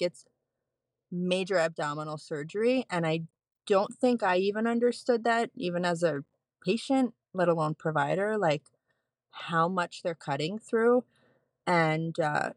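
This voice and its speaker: A woman in her thirties, a postpartum nurse, telling a candid personal story as a podcast guest, animated and laughing often. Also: deep voice, no room sound.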